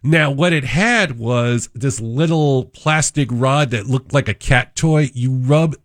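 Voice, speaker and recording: A man in his fifties filling in as a radio talk show host, chatting with callers and telling family stories, jumping up in pitch to act out voices. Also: takes it slowly, no room sound, clean studio sound. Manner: animated storyteller, acts out voices with pitch jumps. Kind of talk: casual radio chat and storytelling. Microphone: studio microphone.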